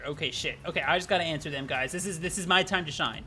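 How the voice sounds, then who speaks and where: A man streaming a dating game, reading the text aloud in an animated, joking way and swearing now and then. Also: high voice, racing, few pauses, faint music behind. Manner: animated, swears and laughs, tries out silly character voices.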